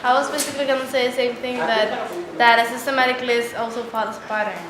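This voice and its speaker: A woman's voice: on the high side, fairly even intonation, quick pace. A female student giving brief answers in class. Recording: echoey classroom with chatter.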